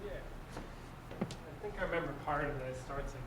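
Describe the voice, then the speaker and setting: A man reading a quote aloud in a slow, careful way. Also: a little high. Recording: distant, echoey, noisy room.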